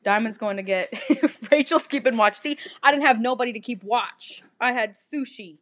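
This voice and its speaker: Loud swearing young woman on a podcast. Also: on the high side. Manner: loud, swearing, quick bursts of laughter. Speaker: podcast co-host. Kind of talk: casual chat.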